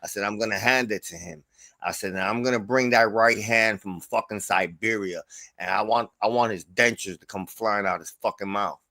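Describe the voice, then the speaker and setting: A man's voice: lowish voice, moderate pace, sharp tone, no echo. A middle-aged man hosting a casual livestream chat, telling stories loosely with lots of swearing and laughter. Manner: profane, laughing storyteller. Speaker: stream host.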